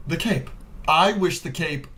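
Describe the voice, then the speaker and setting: Agreeable podcast host, slightly high voice. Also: male voice, fairly bright tone. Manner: agreeable, quick affirmations, runs the bracket. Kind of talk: casual podcast chat.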